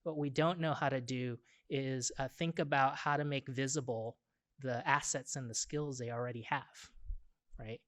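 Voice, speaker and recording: A man's voice: medium pitch, steady tone, normal speed, a bit bright, no room sound. Male organizer, Boston accent, blunt and direct, dry close sound. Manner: blunt, emphatic, frequent "right?". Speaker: symposium organizer introducing speakers. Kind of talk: conference talk.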